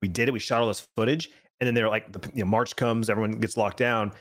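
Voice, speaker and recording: A man's voice: on the low side, steady tone, fast talker. A man co-hosting a casual podcast, chatting with enthusiasm and filling his talk with "like". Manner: enthusiastic, chatty, uses many fillers like "like". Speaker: podcast co-host. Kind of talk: casual chat.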